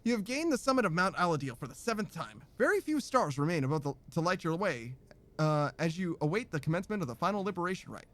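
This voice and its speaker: A man's voice: on the high side, sing-song, fast, fairly bright tone. A man narrating a game playthrough, joking and laughing often between the passages he reads aloud. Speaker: streamer reading a game aloud.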